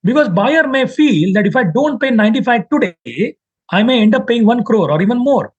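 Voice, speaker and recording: Indian male trading tutor, husky, higher pitch, lively delivery on a lo-fi webcam mic. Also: normal speed. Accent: Indian English. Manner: animated, acts out buyers and sellers in quoted voices. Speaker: trading teacher. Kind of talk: live online trading class. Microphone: webcam mic on a video call.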